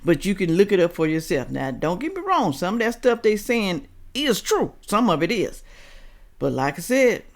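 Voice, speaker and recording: A woman hosting a reaction video, giving blunt, scolding commentary that swings from low asides to loud outbursts. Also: very animated, moderate pace. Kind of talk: opinionated commentary.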